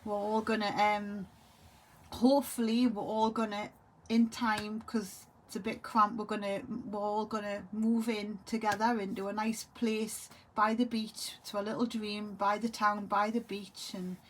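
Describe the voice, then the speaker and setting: A grieving, tearful woman talks to camera in a halting way, often trailing off and repeating herself. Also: medium pitch, level tone, slight background noise. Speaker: vlogger. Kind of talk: emotional monologue to camera.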